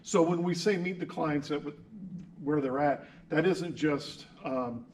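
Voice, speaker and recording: A man's voice: fairly high pitch, takes it slowly, darkish tone, far from the mic, a little hiss or hum. A man teaching a class through video, interviewing social workers in a friendly, teasing way.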